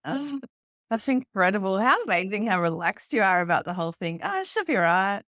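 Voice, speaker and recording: A woman's voice: medium pitch, sing-song, a little fast, fairly bright tone, no room sound, clean studio sound. A woman hosting a podcast interview, giving short reactions and asking follow-up questions. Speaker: podcast host. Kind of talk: casual interview.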